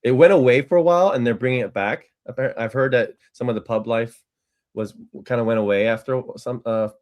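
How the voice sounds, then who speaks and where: A man's voice: medium pitch, fairly quick, darkish tone. A man in casual chat on a weekly company call, easygoing and rambling as he tells stories.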